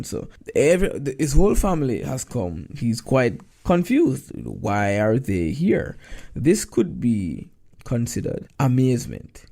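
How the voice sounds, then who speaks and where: Guy going over exam questions, gravelly low-key voice, dark tone, keeps asking right?. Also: big pitch swings, normal speed. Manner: conversational, reads quoted lines aloud, asks rhetorical questions. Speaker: exam prep teacher. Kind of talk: talking through past-paper answers.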